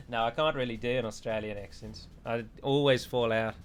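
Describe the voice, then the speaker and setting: A man's voice: mid-range voice, fairly even intonation, a little fast, smooth, soft background music. A man giving joking, rambling let's play commentary on a strategy game, with a sarcastic streak.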